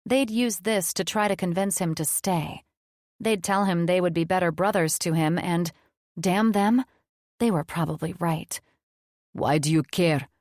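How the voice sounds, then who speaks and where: A woman narrating a fantasy romance audiobook in an even, measured storytelling style. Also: on the low side, dry recording, clean studio sound.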